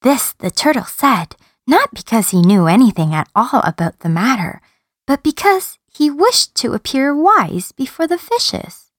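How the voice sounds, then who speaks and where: A woman reading a children's story aloud in an expressive, sing-song storyteller manner. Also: high voice, measured pace, no echo, studio quality.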